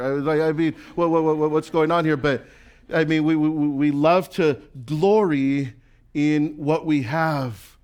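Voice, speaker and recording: A male pastor preaching a sermon in a conversational, animated way, acting out quoted voices and often repeating words as he builds a point. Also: on the high side, normal speed.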